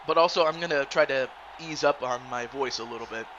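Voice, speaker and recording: A man's voice: medium pitch, brisk, fairly bright tone, muffled recording, slight background noise. A man streaming and commentating a football video game league, casually rambling and greeting viewers by name.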